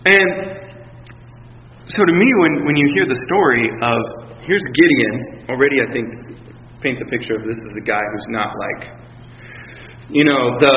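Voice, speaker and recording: A man preaching a sermon in a relaxed, conversational storytelling way, often restarting his sentences and acting out quotes. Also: medium pitch, unhurried, pauses often, a little hiss or hum. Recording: echoey hall, dull sound.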